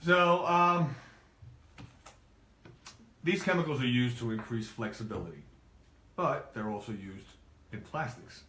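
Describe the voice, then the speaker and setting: Male stylist, Greek accent, halting and hesitant delivery; roomy echo, faint hiss. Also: mid-range voice, lively intonation, bright, forceful tone. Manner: hesitant, halting explanations with many fillers. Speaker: hair stylist. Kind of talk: casual chat. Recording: echoey room, faint noise.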